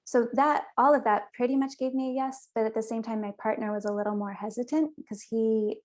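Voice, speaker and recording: A woman's voice: fairly high pitch, steady tone, a little fast. Earnest young woman telling her story. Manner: earnest, chatty, with small restarts. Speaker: podcast guest. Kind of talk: personal storytelling in an interview.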